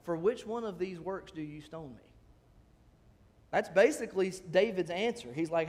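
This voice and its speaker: A male pastor preaching a sermon in a church sanctuary, talking conversationally and rising in pitch on emphatic questions. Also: normal speed, a little mellow. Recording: long church hall reverb.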